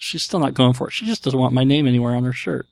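A man's voice: mid-range voice, quick pace, vocal fry, a little mellow, no echo. A man hosting his podcast, talking casually with a jokey, self-deprecating manner. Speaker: podcast host.

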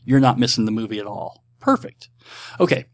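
Speaking into a desk mic, a man from Texas runs a relaxed solo podcast where he takes listener questions. He rambles loosely, leaning on ums, side remarks and self-deprecating humor, in a normal mid-pitched male voice.

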